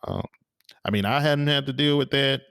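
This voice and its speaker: A man's voice: mid-range voice, normal speed, gravelly, fairly bright tone, smooth, no room sound, studio quality. A man co-hosting a podcast, chatting casually and telling rambling stories with lots of fillers and restarts. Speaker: podcast co-host. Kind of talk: casual chat.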